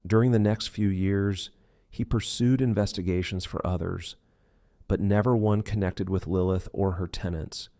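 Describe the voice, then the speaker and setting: A man reading an audiobook thriller in measured, dark scripted narration. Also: sits low, steady tone, dry recording, studio quality.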